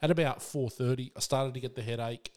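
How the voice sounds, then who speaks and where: A man's voice: medium pitch, fairly quick. A man co-hosting a podcast, telling a story in casual chat, and acting out the other people's voices as he goes. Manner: animated storyteller, acts out quoted voices. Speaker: podcast co-host.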